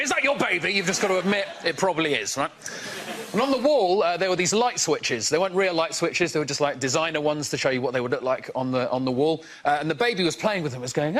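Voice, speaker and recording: A man's voice: on the high side, fairly bright tone. A man telling self-mocking stand-up stories in a chatty way. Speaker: stand-up comedian. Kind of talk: stand-up set.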